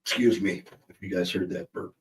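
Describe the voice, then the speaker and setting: Low-voiced joking male livestream host. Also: fairly even intonation, a little fast, recorded from a distance, poor audio. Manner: joking, rambling, reads out viewer comments. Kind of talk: casual livestream chat. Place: in a car.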